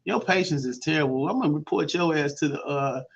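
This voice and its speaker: A man from Chicago hosting a morning radio show, talking in loose, slangy banter full of shout-outs. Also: fairly high pitch, a little fast, creaky, husky, highs cut off. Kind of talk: casual morning radio talk.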